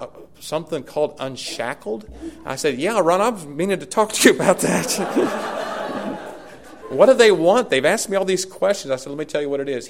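A man, a pastor preaching a sermon and telling a story with lively, emphatic repetition. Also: mid-range voice.

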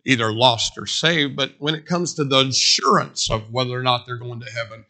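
A man preaches a sermon in a loose, conversational way, drifting into stories and hammering points home through repetition. His voice has a bright, forceful edge and sits at an ordinary middle pitch for a man. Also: normal speed. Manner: conversational storytelling with emphatic repetition.

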